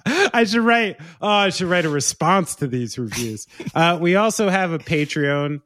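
A man's voice: sits high, animated, unhurried, a bit bright, dry recording, studio quality. A man hosting a podcast, chatting casually in a playful, teasing way. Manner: playful, teasing, mock-sultry. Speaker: podcast host. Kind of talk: casual chat.

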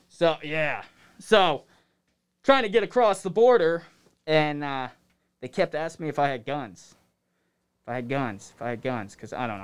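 Smooth-voiced man telling loose stories. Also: mid-range voice. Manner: loose, rambling storytelling. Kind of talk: casual chat.

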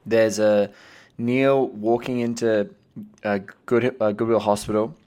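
A man's voice: lowish voice, a little mellow. A man hosting a podcast, enthusiastic and thinking aloud with restarts in casual conversation. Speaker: podcast host.

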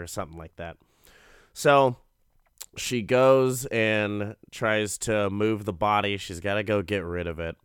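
A man's voice: fairly low pitch, a little slow, a bit bright, clean tone, dry recording, studio quality. A man giving a casual comedic recap of a show, rambling and profane, and laughing often. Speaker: show reviewer.

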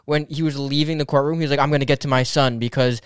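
A young man with a mid-pitched, smooth voice talks over a movie in casual chat, hesitating and restarting as he works out his view. He is recorded close and dry. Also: fairly even intonation, fast talker, no echo. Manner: hesitant, restarts and stalls while weighing opinions. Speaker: podcast co-host.

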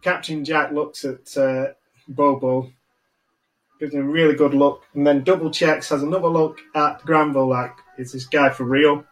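A man running a tabletop game as game master, narrating in a relaxed, conversational way. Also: fairly high pitch, normal speed, poor audio.

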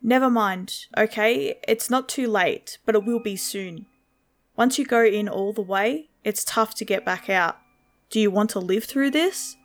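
A woman's voice: medium pitch, natural voice. A woman voicing a terse, impatient man who gives curt, grim advice. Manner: curt, blunt, no pauses.

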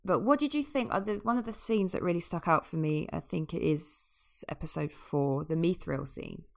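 A woman's voice: lowish voice, normal speed, creaky. A woman co-hosting a casual chat, talking with enthusiasm and many small fillers and restarts. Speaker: podcast co-host. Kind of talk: casual chat about a fantasy TV series.

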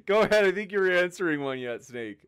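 Male stream host, young, giggly and scattered, reads donations aloud; a touch high. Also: lively intonation, fast, fairly bright tone, clean tone. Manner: giggly, scattered, laughing between lines. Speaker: debate moderator and livestream host. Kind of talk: casual livestream chat, reading super chats.

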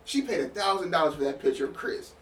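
A man co-hosting a casual podcast, joking and telling animated stories. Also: fairly high pitch, quick pace. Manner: animated, jokey storytelling that breaks into laughter. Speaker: podcast co-host. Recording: distant mic with clear noise.

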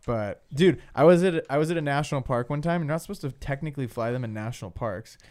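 A man's voice: medium pitch, fast talker, a little mellow. A man from the United States telling stories in a casual podcast chat, swearing and saying "dude" a lot.

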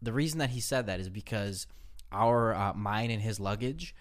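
Male podcast co-host, lower voice, animated storyteller, curses a lot. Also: moderate pace. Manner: animated, profane, rambling anecdotes.

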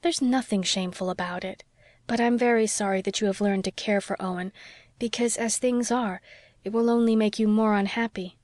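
A woman reads as a gentle young woman who calmly talks a friend through trouble. Her tone is soothing and reasonable, recorded dry and close. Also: medium pitch, normal speed, no room sound, close to an everyday voice.

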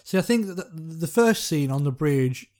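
A podcast host with a mellow, dark-toned voice, easygoing and a bit rambling. The host chats casually about a film. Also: medium pitch, lively intonation, moderate pace.

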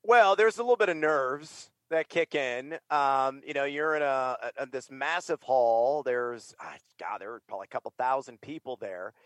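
A man's voice: medium pitch, moderate pace, hardly any pauses, a bit bright, no echo. A middle-aged man from the United States, a fantasy sports broadcaster and writer, talking in a casual interview with energy, emphasis and many fillers.

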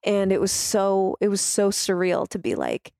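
A woman with a mid-range voice and a gravelly edge shares a personal story. She speaks openly and from the heart, with casual fillers throughout. The recording is dry and close. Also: mid-range voice, big pitch swings, normal speed, a little mellow, no echo. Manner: heartfelt, open, with fillers like "like" and "you know".

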